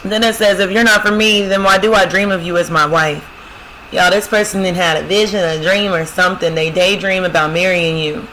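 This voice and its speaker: A woman gives a casual prophetic love reading with a bright, sharp, forceful tone. She speaks straight to her viewers, keeps saying "y'all" and "I'm telling you," and reads song lines aloud before explaining them. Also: lowish voice, fairly even intonation, a little fast, a little hiss or hum, rough recording. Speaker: spiritual love-reading host.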